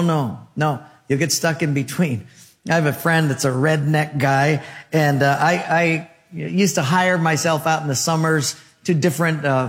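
A man's voice: on the high side, big-room sound. A male pastor preaching a sermon, asking the congregation questions and using rhyming wordplay.

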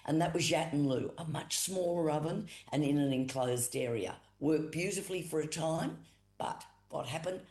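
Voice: mid-range voice, a little mellow. Australian storyteller in an echoey room. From Boandik country, South Australia. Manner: unhurried, repetitive storytelling with pauses and emphatic retellings. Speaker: Aboriginal storyteller and cultural educator. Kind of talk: oral telling of a creation story.

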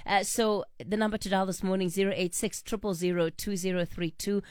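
A woman's voice: medium pitch, fairly even intonation, fairly quick, a little mellow, clean tone, no echo, clean studio sound. Woman hosting morning radio. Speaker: radio host. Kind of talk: radio talk show. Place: radio studio.

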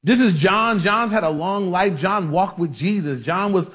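A man's voice: sits high, measured pace, a bit bright. A man pastor preaching a conversational sermon, often restarting his sentences and checking in with the congregation. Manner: conversational with many restarts and fillers; asks the congregation for amens.

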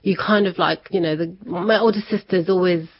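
A woman's voice: on the low side, fairly even intonation, normal speed, breathy edge, no echo. A woman guest in an interview, telling a personal family story in a chatty way and laughing often. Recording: slightly dull lo-fi sound.

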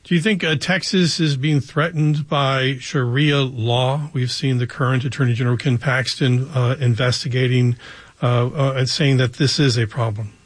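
Male interviewer, mid-range voice, dry close recording; measured, slightly hesitant questions. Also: medium pitch, fairly even intonation, slightly rough, dry recording.

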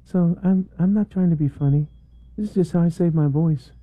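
A man doing a comic impression of a soft-spoken male pop singer, using a small, high, breathy voice. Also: brisk, no echo, highs cut off, lightly acted. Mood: mock-serious.

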